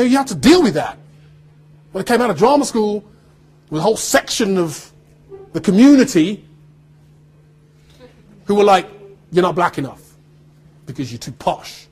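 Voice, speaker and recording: Speaking to a group of students, a Birmingham-born male actor with a neutral standard British accent shares stories animatedly, laughing and performing other people's lines. He has a high-pitched voice with a breathy edge, speaks at normal speed, and pauses often.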